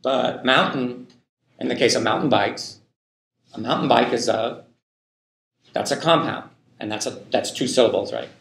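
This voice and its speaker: A man with a medium-pitched, creaky voice delivers a university linguistics lecture in a lecture hall, the recording echoing around the room. He thinks aloud, full of fillers, and keeps checking in with the class by asking "right?"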